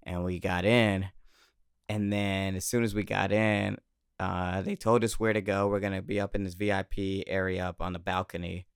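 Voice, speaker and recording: A man telling a personal story in casual chat, animated, swearing and laughing often, on a close mic. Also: deep voice, normal speed, clear, resonant tone, no room sound.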